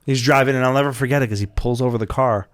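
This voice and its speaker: A man's voice: mid-range voice, steady tone, very fast. A young man hosting a podcast, telling a rowdy story in casual, profane chat and acting out the voices of the people in it. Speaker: podcast co-host.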